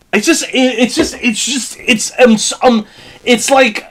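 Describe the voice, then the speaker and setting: A man's voice: extremely high pitch, measured pace, fairly bright tone. A man chatting casually while watching a movie with a friend on stream, swearing a lot as he rants in exasperation. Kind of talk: casual watch-along chat. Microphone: headset or desk mic with earphones.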